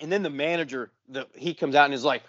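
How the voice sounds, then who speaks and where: Cursing podcast co-host, storyteller type, slightly high voice, dry, dull lo-fi sound. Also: male voice, fast talker, no echo. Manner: profane, animated storyteller acting out quotes. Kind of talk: casual storytelling chat.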